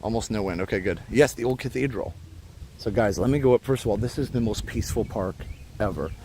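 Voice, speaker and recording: A man's voice: fairly low pitch, fast, a little mellow. Chatty man streaming live from a park. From Indiana. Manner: rambling, chatty, many fillers, greets viewers' comments. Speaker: livestream host. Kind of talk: casual live-stream tour talk. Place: outdoors in a park by a road. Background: faint traffic.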